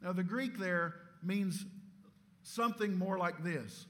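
Speaking slowly with a fairly bright tone, a man preaches emphatically, throwing out rhetorical questions and dropping low at the close of his phrases.

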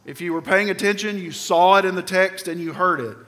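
A man preaching a sermon as pastor, emphatic, often sinking low and quiet at the ends of phrases. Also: brisk. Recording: long hall reverb.

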